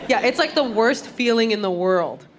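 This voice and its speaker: A woman's voice: fairly high pitch, animated, moderate pace, some chatter behind, slight background noise. A woman performing a stand-up comedy set, acting out the people she quotes with big jumps in her voice.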